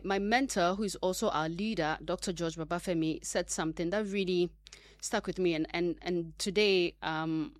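A woman's voice: lowish voice, dry recording. A woman hosting a radio talk segment, delivering an earnest, emphatic monologue full of fillers and restarts. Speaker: radio host.

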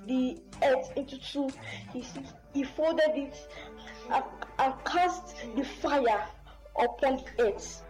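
High-voiced woman pleading in testimony. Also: a little mellow, poor audio. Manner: pleading, halting. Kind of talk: personal testimony.

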